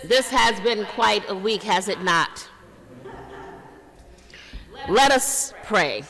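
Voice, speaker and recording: A woman's voice: mid-range voice, expressive, extremely slow, a bit bright. A middle-aged woman pastor, preaching a sermon in a conversational, humorous way with asides. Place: church sanctuary. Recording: long reverb of a church hall.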